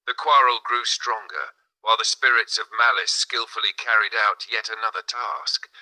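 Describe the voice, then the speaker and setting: Man narrating a spiritual audiobook, sharp-toned. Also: on the low side, low-quality recording. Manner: measured, dramatic storytelling. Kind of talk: scripted narration.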